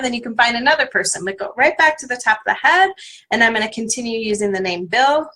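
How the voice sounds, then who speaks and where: A woman's voice: mid-range voice, sharp tone. A woman leading a live tapping session as a coach, giving encouraging, step-by-step instructions to viewers. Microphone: livestream webcam.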